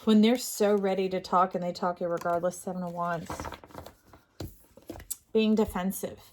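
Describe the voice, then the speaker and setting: A woman's voice: lowish voice, steady tone, fairly quick, slight background noise. A middle-aged woman doing a casual tarot reading, earnest and rambling, with restarts and fillers. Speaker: tarot reader.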